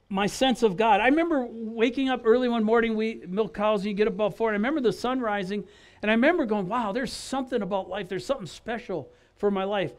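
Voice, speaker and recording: A middle-aged man giving his testimony as a guest speaker stands before a church gathering held outdoors in a park. His high, expressive voice stays loose and chatty as he animatedly plays out the characters in his stories, frequently checking in with listeners with a "right?"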